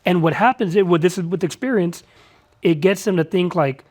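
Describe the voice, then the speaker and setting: A man hosts a casual interview and steers it with framing questions. He keeps nodding along out loud with short affirmations while his guest talks. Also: sits high, fairly quick. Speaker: show host interviewer. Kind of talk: conversational interview.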